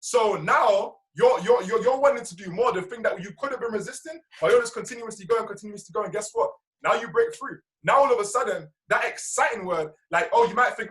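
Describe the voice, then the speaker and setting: A man leading a motivational team call over video, energetic and slangy, often asking "right?". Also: high-pitched, a little fast, hardly any pauses, low-quality recording. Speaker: team trainer.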